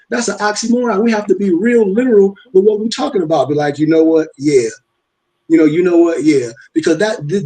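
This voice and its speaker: Over a video call with poor audio, this older host leads a casual live-stream discussion in a high but dark-toned voice. His delivery is emphatic and preachy, full of rhetorical questions and repetition.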